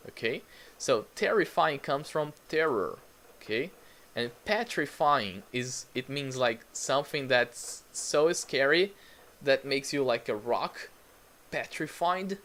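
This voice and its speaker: Slow, lively male English teacher. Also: medium pitch. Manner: slow, patient, repeats words for learners; greets chat viewers by name. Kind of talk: live online English lesson.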